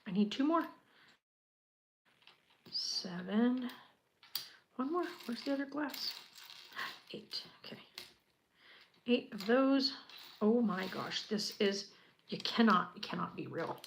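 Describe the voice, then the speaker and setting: A woman's voice: a little high, lively intonation, slow pace, creaky, pauses often, background noise. Chatty gushing woman. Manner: chatty and gushing, with a lot of fillers, often dropping to a quiet murmur. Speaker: channel host. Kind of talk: casual chat while building a Lego set.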